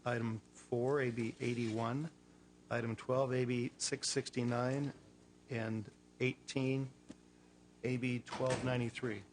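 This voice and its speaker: A man chairing a legislative committee hearing, relaxed and lightly joking as he moves items along. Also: medium pitch, takes it slowly, slight background noise.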